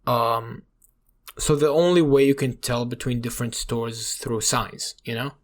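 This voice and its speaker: A man's voice: mid-range voice, fairly even intonation, moderate pace. A young man from Iraq co-hosting a podcast, telling stories in a rambling, swear-filled way and leaning on "you know". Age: young adult. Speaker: podcast co-host. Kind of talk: casual chat.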